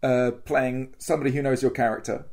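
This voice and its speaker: A man's voice: mid-range voice, little pitch movement, a little fast, vocal fry, darkish tone. A man co-hosting a podcast, recounting events in rambling casual chat with lots of fillers. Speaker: podcast co-host.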